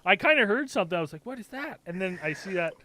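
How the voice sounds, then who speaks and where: A man's voice: high voice, lively intonation, rapid-fire, sharp tone. A man hosting a live podcast, chatting casually and rambling with many fillers and laughs. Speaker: podcast host. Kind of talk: casual live-stream chat.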